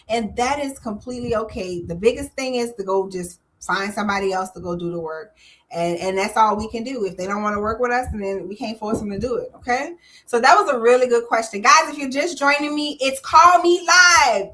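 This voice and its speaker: A woman's voice: a little high, fairly bright tone. A woman hosting a live call-in stream about government contracting, talking straight to her viewers with energy and emphasis.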